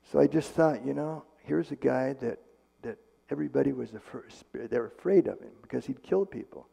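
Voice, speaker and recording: Gravelly man telling a church story. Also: mid-range voice, moderate pace, warm tone. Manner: conversational, retells dialogue, many restarts and fillers. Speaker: medical missionary speaker. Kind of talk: storytelling testimony. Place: church hall. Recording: echoey church hall.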